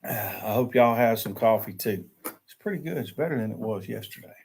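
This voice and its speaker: A man's voice: fairly low pitch, lively intonation, moderate pace, creaky, a little mellow, slightly rough. A man hosting a casual morning chat livestream from a small shed, greeting viewers by name and laughing often. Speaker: livestream host. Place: small shed used as a tiny house.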